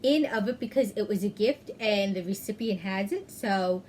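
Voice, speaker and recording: A woman hosting a knitting podcast, chatting casually, often pausing with "um" and correcting herself mid-sentence. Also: medium pitch, darkish tone, slight background noise. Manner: chatty, self-correcting, frequent "um". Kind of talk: casual chat.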